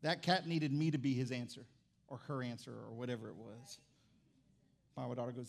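A middle-aged man preaching a sermon as pastor, animated and comic, swinging between loud bursts and quiet asides while telling a story. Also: mid-range voice, moderate pace, vocal fry.

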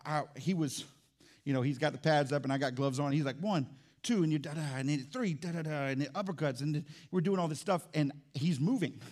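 Animated high-voiced preacher man. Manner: animated, swings from loud emphasis to hushed low lines. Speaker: pastor. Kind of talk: sermon. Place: church service.

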